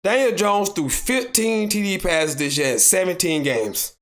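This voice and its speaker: Hosting his own sports talk show, a Southern American man speaks in a high voice at a measured pace with hardly any pauses. He hammers his arguments through repetition, nearly shouting at times, and reads out viewer comments to rebut them.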